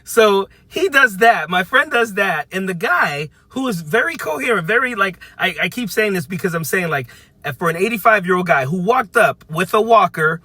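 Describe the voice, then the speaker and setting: A man of fifty telling a casual story to camera from his parked car, animated, acting out what people said, with frequent restarts. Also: high-pitched, moderate pace, breathy edge, no echo. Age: 50s. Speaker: vlogger. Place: parked at a car charging spot by a busy street.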